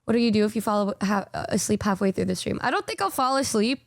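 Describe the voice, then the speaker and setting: A woman's voice: mid-range voice, lively intonation, quick pace, gravelly, no room sound, clean studio sound. A young woman streaming live, chatting casually and rambling, jet-lagged and sleepy, swearing freely.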